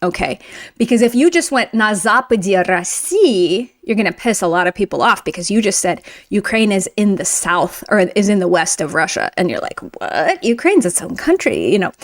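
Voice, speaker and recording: A woman teaching a Russian grammar lesson in a chatty, emphatic way, slowing down to read example sentences. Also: medium pitch. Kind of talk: online language lesson.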